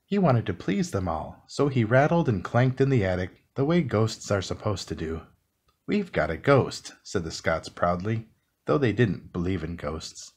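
A man reading a classic children's book aloud in a calm, soothing bedtime style. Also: lowish voice. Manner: slow, soothing, expressive reading. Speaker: storybook reader.

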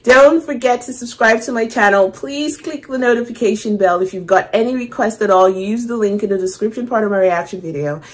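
A woman's voice: fairly high pitch, a little fast, few pauses. Playful woman hosting a music reaction. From Canada. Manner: playful, reads lyrics aloud and laughs. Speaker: music reaction channel host. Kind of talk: casual music reaction chat.

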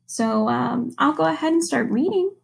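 A woman's voice: high voice, moderate pace, vocal fry, a little hiss or hum. A young woman teacher reading a picture book aloud to children and asking them questions along the way. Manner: animated storytelling with questions to young listeners.

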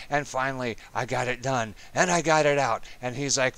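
A man in his fifties, an Army veteran, telling a personal story in a casual, animated and profane way. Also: medium pitch, moderate pace, hardly any pauses, dry recording. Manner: animated, profane, dramatic retelling.

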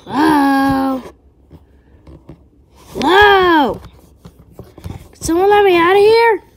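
A woman's voice: very high-pitched, lively intonation, very fast, warm tone, a little hiss or hum, voice pushed up. A woman voicing a panicked male fox animatronic who is trapped and cries frantically for help. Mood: terrified.

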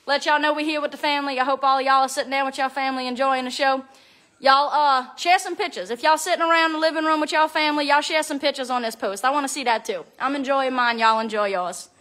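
Young woman, high voice, bright tone, giggly, chatty, phone livestream. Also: fairly even intonation, fast. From Louisiana. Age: young adult. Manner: giggly, chatty, reads out fan comments. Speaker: reality show personality. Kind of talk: casual livestream chat with fans. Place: at home with family.

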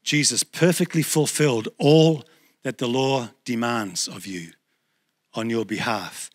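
A male pastor with a New Zealand accent preaching a sermon in a conversational, animated way, acting out little asides. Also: mid-range voice, measured pace.

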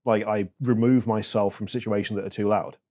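A man in his thirties, a podcast guest talking in a reflective, halting way with many fillers. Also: on the low side, steady tone, warm tone. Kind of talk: casual chat.

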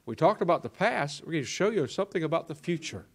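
Man, conference host, lively pitch, casual intro, off-mic in church. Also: fast, husky. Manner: casual, introducing the next speaker.

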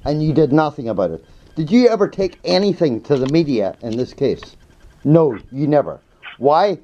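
A man's voice: on the high side, very animated, moderate pace, mellow, highs cut off. Angry New man, accusing. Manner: angry, accusing, swearing, repeating questions. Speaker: complainant confronting his advocate. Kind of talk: heated confrontation.

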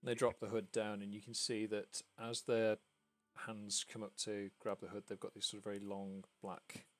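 A man's voice: on the low side, a bit bright. A man narrating a tabletop game as game master, describing scenes with many fillers.

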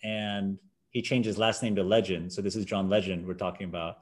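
A man in his forties tells stories at a quick clip, slipping into other people's voices with sudden high jumps. It sounds like a relaxed chat between guest and host. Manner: animated, acts out quoted voices with big pitch jumps. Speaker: podcast guest. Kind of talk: casual storytelling.

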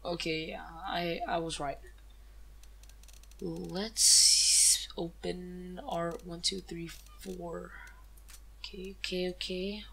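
A woman hosting a gaming channel, giving excited case-opening commentary, gasping, exclaiming and swearing freely. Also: fairly low pitch, takes it slowly, gravelly, slight background noise.

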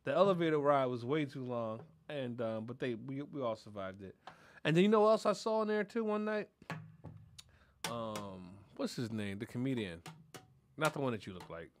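A man hosting a podcast in casual chat, telling animated stories full of cursing and laughter. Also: mid-range voice, moderate pace, a little hiss or hum. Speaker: podcast host.

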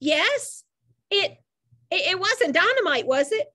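Anxious young boy, high and swooping as a woman reader puts him on, eager and breathless, for a storybook reading. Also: sing-song, takes it slowly, bright, forceful tone, exaggerated voice.

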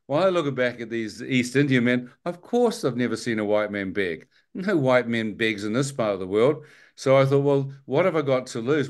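A man with a New Zealand accent recounts a near-death story as a spoken testimony. He tells it like an animated storyteller, putting on voices for the people in it and laughing as he goes. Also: medium pitch. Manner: animated storyteller, acts out dialogue, laughs often. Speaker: guest telling his testimony.

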